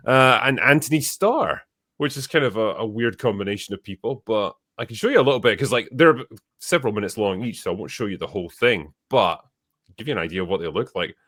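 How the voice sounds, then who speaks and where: Lively low-voiced male podcast host. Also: fast, no room sound, clean studio sound. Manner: animated, laughing, swearing freely. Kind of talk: casual panel chat.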